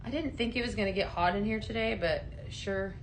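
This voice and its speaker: A woman's voice: medium pitch, a little fast, slight background noise, poor audio. A woman hosting a live home fragrance show on a studio set, chatting in an upbeat way while she demos products and reads out viewer comments. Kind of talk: live on-air product demo chat. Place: studio set under hot lights.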